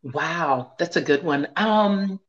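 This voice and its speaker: Low-voiced earnest woman guest. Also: animated, takes it slowly, lo-fi sound. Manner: earnest, faith-centered, laughs often. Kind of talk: casual conversation.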